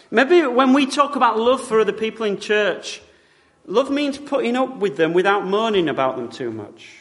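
A man's voice: high-pitched, a bit bright. A man from Britain preaching a sermon in a church, wry and conversational, with frequent tag questions. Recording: long reverb of a church hall.

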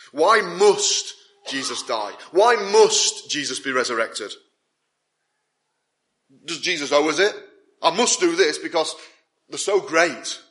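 A man's voice: mid-range voice, pushed and bright. A man preaching a sermon, driving his points home with repeated phrases that build in intensity. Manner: emphatic, repetitive build-ups with rising intensity.

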